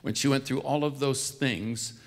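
An older man from California telling family stories, acting out the quoted voices with gentle humor. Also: medium pitch, steady tone, measured pace. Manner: warm-humored storytelling, acts out quoted voices. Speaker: speaker. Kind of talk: storytelling talk.

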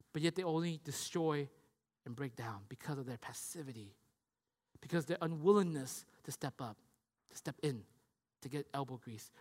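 Emphatic, bright-voiced male pastor. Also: sits high, big-room sound. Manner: emphatic, repeats "right?". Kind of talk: sermon.

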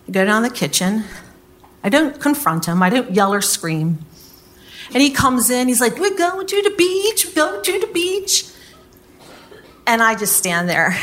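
A woman telling a personal story to an audience, candid and animated, acting out what others said and swearing casually. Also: medium pitch. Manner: candid, animated retelling with quoted voices.

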